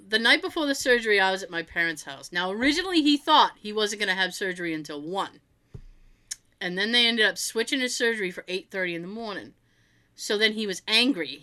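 A woman co-hosting a casual chat, telling family stories in an animated way, swearing freely and acting out what relatives said. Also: medium pitch.

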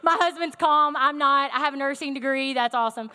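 Woman preacher, high voice, chatty sermon storytelling, lots of fillers. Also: a little fast, long reverb tail. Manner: conversational, animated storytelling with fillers.

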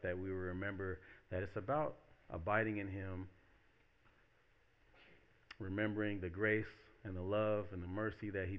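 A man preaching a relaxed, conversational sermon as pastor, acting out quoted voices as he talks. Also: low voice, smooth, highs cut off. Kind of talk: casual sermon.

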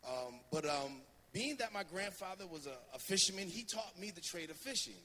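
A male preacher from New Jersey tells a story in a bright, high voice that swings lively up and down. He speaks loosely, with many fillers. The sermon echoes through a reverberant church hall. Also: moderate pace. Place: church sanctuary.

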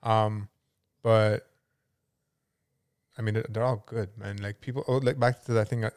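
A fairly low-voiced man in a casual podcast chat, speaking plainly and matter-of-factly as he sets the facts straight for the others. The sound is dry and close. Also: fairly even intonation, moderate pace, darkish tone, smooth, no echo. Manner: matter-of-fact, corrects others with figures. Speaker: podcast co-host.

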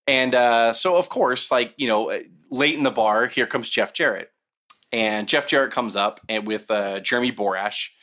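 Bright-voiced man telling rambling stories. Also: mid-range voice, normal speed. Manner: rambling, animated, many fillers. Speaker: podcast co-host telling stories. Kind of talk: casual storytelling chat.

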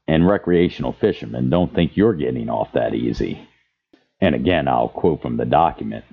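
A man's voice: very deep voice, husky. A man hosting a podcast, speaking with passion and reading quotes aloud. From Louisiana. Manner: impassioned, reads quotes aloud. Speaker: podcast host. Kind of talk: advocacy podcast commentary. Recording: dull lo-fi sound.

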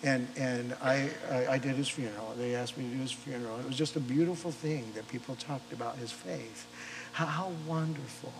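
A male pastor tells a story from the pulpit, jumping into the voices of the people he describes. His voice sits a little high, and he stumbles over repeated starts as he goes. A faint hum runs under the recording. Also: poor audio. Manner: animated storyteller, acts out quoted voices, frequent repeated starts. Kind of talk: sermon storytelling. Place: church or chapel service.

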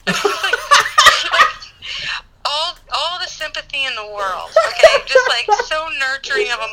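A woman telling a personal story in a casual chat, animated and full of laughter and "like" fillers. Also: sits high, measured pace, pauses often, over a noisy crowd, low-quality recording. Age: adult parent. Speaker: guest answering questions.

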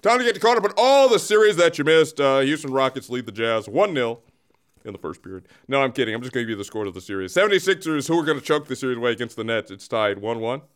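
A man's voice: medium pitch, lively intonation, quick pace, clear, resonant tone. A man co-hosting a comedy show, reading out sports scores in a joking, rambling way. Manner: joking, rambling, self-interrupting. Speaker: sports news co-host. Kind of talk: casual comedic sports rundown.

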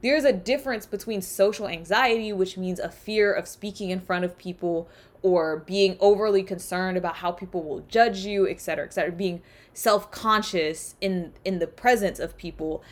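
A woman's voice: mid-range voice, normal speed. A woman from the South, talking through ideas in a casual, reflective solo podcast. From Southern United States. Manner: conversational, reflective, with rhetorical asides. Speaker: podcast host.

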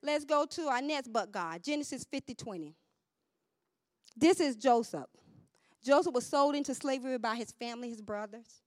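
A woman preacher delivers a fervent sermon in a high voice. She rises into shouted proclamations and drops to low asides, calling for responses. The sound is dry and close, with no room echo. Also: normal speed. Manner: fervent, call-and-response preaching with swings from shouts to near-murmurs.

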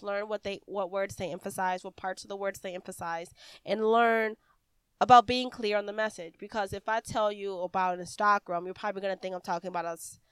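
An American woman hosts a podcast and rambles through voiceover tips in a chatty, casual way, restarting her sentences often. Her voice is smooth and clear at a middle pitch. The recording is dry, with no room echo. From United States. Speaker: podcast host. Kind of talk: casual instructional podcast talk.

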